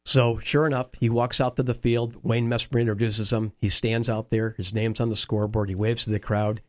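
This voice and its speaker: A man telling animated anecdotes in a conversation, acting out quoted dialogue. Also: lowish voice, brisk, dry recording. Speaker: interview guest, former baseball team staffer. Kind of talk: storytelling conversation.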